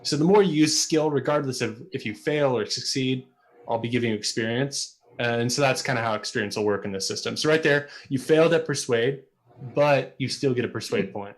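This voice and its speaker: A man's voice: mid-range voice, a little fast. A man as game master running a streamed tabletop game, explaining rules with many ums and uhs.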